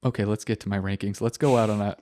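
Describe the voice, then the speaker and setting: A man's voice: lowish voice, steady tone, fast, warm tone, slight background noise. A man hosting a casual car podcast, joking and slipping into mock voices. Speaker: podcast host. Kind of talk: casual chat.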